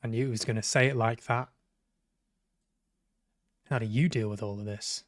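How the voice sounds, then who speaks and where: A man's voice: medium pitch, fairly even intonation, moderate pace, long pauses, dry recording, studio quality. A man giving sweary, sarcastic live commentary on a game he is playing, talking back at the characters. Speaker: game streamer. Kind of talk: live let's-play commentary.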